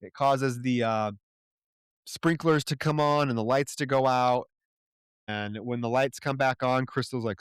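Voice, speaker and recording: A man's voice: mid-range voice, measured pace, clear, resonant tone, dry recording, studio quality. A man co-hosting a podcast, casually recapping a movie's plot, slipping into characters' lines and trailing off into shrugs. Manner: laid-back, trails off into shrugging asides. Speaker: podcast co-host.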